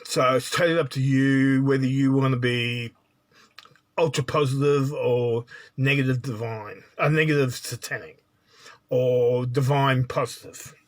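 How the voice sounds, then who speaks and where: A man's voice: medium pitch, steady tone, unhurried. A man giving a spiritual monologue as a teacher, blunt and lecturing, often checking in with "right?".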